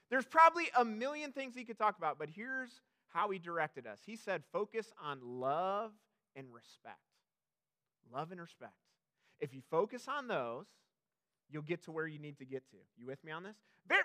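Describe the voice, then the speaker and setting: A man's voice: very high voice, sharp tone. A young adult man preaching a sermon as pastor, chatty and self-deprecating, with many fillers and restarts.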